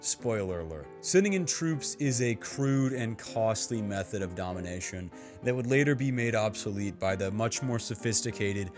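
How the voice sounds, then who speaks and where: A man's voice: on the low side, animated, moderate pace, hardly any pauses, music in the background. A man giving scripted narration for a history video essay, with a dry, sardonic humor.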